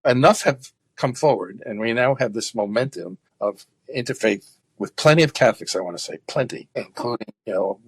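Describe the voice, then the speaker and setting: A man speaking earnestly in a conversational interview, often halting with fillers and restarts. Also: medium pitch, expressive, slightly rough, dry recording. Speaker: guest activist.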